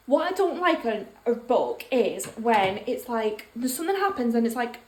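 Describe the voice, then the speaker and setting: A young woman talks straight to the camera in a loose, ranting vlog style, frank and quick to swear. Her voice sits a touch high and has a breathy, husky edge. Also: big pitch swings, darkish tone. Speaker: book vlogger. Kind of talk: casual vlog chat.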